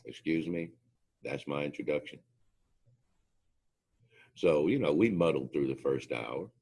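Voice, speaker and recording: A man's voice: very deep voice, unhurried, dark tone, husky. A man, a former drill instructor, giving an anecdotal motivational talk, telling emphatic stories and acting out what people said. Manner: emphatic storyteller, acts out quotes.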